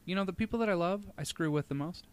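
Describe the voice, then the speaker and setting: A man's voice: sits high, quick pace, smooth. Male podcast guest: blunt, teasing, casual, trips over his words. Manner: blunt, joking, swears casually, frequent restarts. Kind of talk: casual chat.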